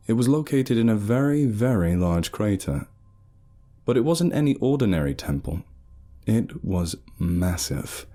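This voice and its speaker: A man narrating a story in an animated, sardonic way. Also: lowish voice.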